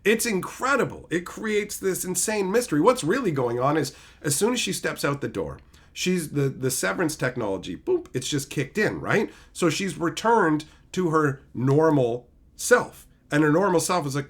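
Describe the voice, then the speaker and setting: A man retelling a show excitedly in a casual live-stream review, reading out chat messages. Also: a little high, normal speed.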